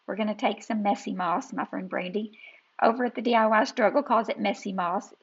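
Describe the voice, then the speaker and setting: A woman's voice: mid-range voice, steady tone, brisk, slightly rough, highs cut off. A woman hosting a crafting channel, talking casually and homily while she works through a DIY project. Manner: chatty, homey, talks while working. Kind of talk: casual craft tutorial voice-over.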